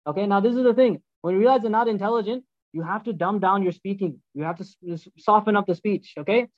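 A man giving a storytelling sermon as a religious teacher, animated and acting out the dialogues. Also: sits high, fast talker, no echo, lo-fi sound.

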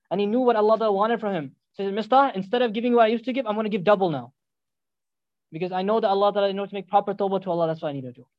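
A man preaching a sermon at a rapid clip in a fairly high voice. He tells the story in quoted voices and breaks into Arabic recitation. The recording is dry and a little dull. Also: dry recording.

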